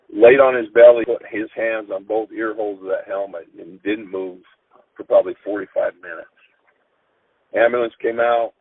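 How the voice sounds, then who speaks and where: A middle-aged man, a football coach, telling an emotional story in an interview, earnest and halting with frequent restarts. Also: fairly low pitch. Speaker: high school football coach. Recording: tinny phone-line sound.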